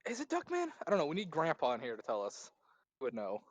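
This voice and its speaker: A man in casual chat as a tabletop game player, animated and jokey, slipping into quick comic voices. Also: medium pitch.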